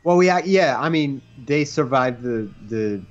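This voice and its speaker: A man's voice: medium pitch, lively intonation, a little slow, highs cut off. A man co-hosting a retro game show, bantering casually and wryly with jokes while his partner plays. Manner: wry, joking interjections.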